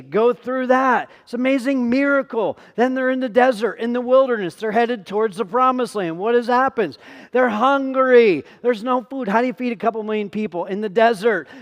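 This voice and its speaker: A man pastor giving an emphatic sermon, repeating phrases and firing rhetorical questions at the congregation. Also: very high voice. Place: church sanctuary. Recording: long hall reverb.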